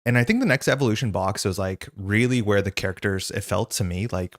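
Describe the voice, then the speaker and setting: A man hosting a live stream, his low voice hoarse and gravelly after losing it a few days before. He talks in a loose, rambling, chatty way, full of "like" fillers, in a dry room with no echo. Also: a little fast. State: hoarse, recovering from lost voice. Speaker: stream host. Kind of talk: casual live-stream chat.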